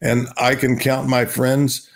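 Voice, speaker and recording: Older gravelly Oklahoma man reminiscing. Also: medium pitch, little pitch movement, slow. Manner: storytelling, repeats himself, warm laughs. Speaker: guest, retired baseball player. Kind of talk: relaxed interview talk.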